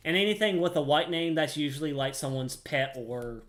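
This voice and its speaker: A gamer giving let's-play commentary, explaining game controls with deadpan, self-mocking asides. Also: mid-range voice, normal speed, few pauses.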